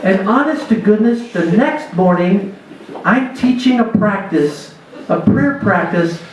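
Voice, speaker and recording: Animated man telling a story in a hall. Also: high voice, measured pace, a little hiss or hum. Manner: animated storyteller, acts out his own voice in quotes. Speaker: spirituality teacher. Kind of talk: storytelling church talk. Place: church hall at a dinner gathering. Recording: echoey hall recorded from far off.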